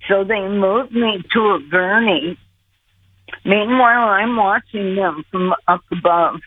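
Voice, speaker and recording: Older woman, slow, over a phone line. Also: medium pitch, husky. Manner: earnest, acts out her own pleas. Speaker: guest recounting near-death experience. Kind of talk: slow storytelling.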